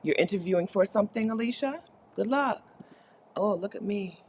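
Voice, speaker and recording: A woman's voice: medium pitch, expressive, normal speed, darkish tone, a little hiss or hum. A woman hosting a live co-working stream, reading chat messages aloud and chatting playfully, with frequent laughter. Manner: chatty, laughs often, playful mock complaints. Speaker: livestream host reading chat. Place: Caribbean.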